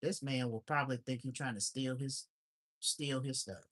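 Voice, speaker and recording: On a casual livestream, a man who lives in Alaska delivers a blunt, exasperated rant, swearing freely and returning to the same complaints over and over. His mid-range voice is a bit bright, with fairly even intonation and a moderate pace.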